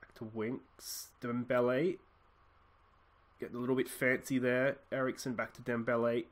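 A young man with an Australian accent talks over his football management game into a desk mic. His mid-range voice rambles casually through tactics and substitutions. When a goal lands he jumps to excited shouts. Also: medium pitch, normal speed. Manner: chatty, thinks aloud, bursts into excited shouts at goals. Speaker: let's play host. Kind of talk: casual gameplay commentary.

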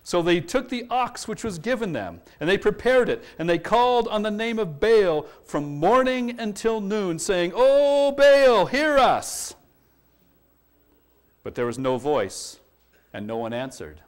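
A man's voice: sits high, normal speed. A man preaching a sermon, explaining a Bible passage verse by verse and acting out its quotes with energy. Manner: expository preaching, animated when quoting scripture. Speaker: pastor.

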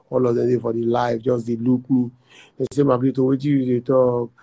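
A man's voice: mid-range voice, monotone, brisk, no echo, rough recording. A man from Nigeria with a Nigerian Pidgin accent, freestyle rapping on a live stream in a playful, half-sung, boasting flow. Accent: Nigerian Pidgin English. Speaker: rapper. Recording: loud music behind the voice.

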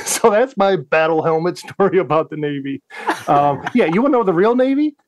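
Man, from the United States, podcast storyteller, profane, acts out his own lines, lively swooping voice, dry close sound. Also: a little high, normal speed, no echo. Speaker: guest, Navy veteran.

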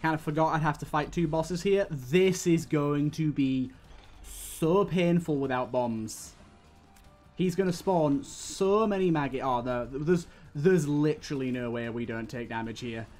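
A young British man talks through a live game stream in a fairly high voice, grumbling and swearing at every setback. Soft game music plays faintly underneath. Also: unhurried. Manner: swearing, exasperated running commentary. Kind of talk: live gameplay commentary.

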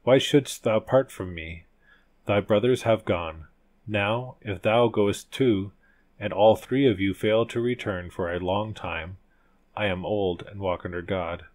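A man's voice: on the low side, a little slow, darkish tone, close to an everyday voice. A man voicing an old tsar, a fearful and loving father who speaks in archaic storybook phrases. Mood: pleading. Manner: pleading archaic storybook speech.

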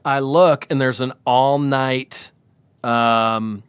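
A man's voice: medium pitch, steady tone, extremely slow, clean tone, no echo. A man from a small South Dakota town telling a touring story in casual chat, acting out the voices of people he quotes. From Spearfish, South Dakota. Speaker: guest, brewery sales rep. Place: home room with dogs around.

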